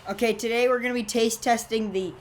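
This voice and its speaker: A woman's voice: on the high side, steady tone, quick pace, a little hiss or hum. Young woman rambling through silly stories. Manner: rambling, playful storytelling. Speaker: podcast co-host. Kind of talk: casual comedic chat.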